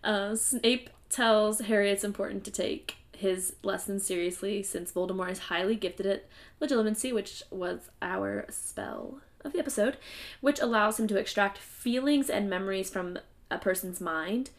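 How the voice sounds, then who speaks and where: A woman's voice: medium pitch, moderate pace. Casual woman recapping a story. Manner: conversational summarizing, playful sarcasm. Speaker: podcast co-host. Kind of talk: casual book discussion podcast.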